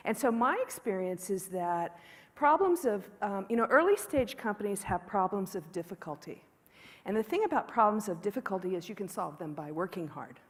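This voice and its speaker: Candid woman giving a keynote. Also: medium pitch. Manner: candid, joking, conversational. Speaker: keynote speaker. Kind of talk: conference keynote storytelling. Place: large conference hall. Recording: long hall reverb from stage.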